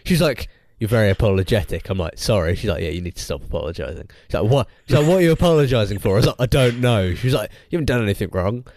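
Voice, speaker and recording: A young man co-hosts a podcast, chatting casually and rambling through stories with frequent restarts and animated storytelling. His voice is on the low side and very fast, with few pauses. The recording is studio quality with no room sound.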